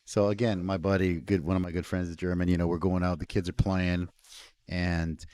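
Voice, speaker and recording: Laid-back low-voiced man swapping stories. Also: flat delivery, brisk, darkish tone. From Canada. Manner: laid-back storyteller, swears freely. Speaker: podcast host, restaurant owner. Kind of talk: casual chat.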